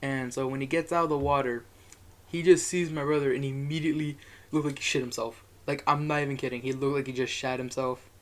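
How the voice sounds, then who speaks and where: A man's voice: mid-range voice, steady tone, fairly quick. A young man telling a rambling, profane story in a casual monologue, chuckling as he goes.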